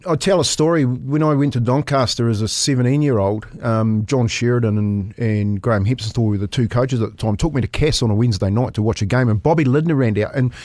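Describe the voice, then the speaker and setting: A man's voice: medium pitch, fast talker, hardly any pauses, dry recording, clean studio sound. Laughing New Zealand man telling yarns. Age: 50s. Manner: animated yarn-spinner, laughs through his stories. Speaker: former rugby league coach, guest. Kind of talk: casual storytelling chat.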